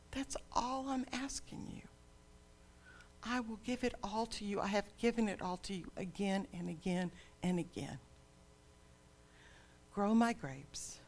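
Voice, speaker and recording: A woman's voice: mid-range voice, slight background noise. A woman preaching in the voice of God as a loving heavenly father who pleads earnestly with his people. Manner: impassioned, imploring.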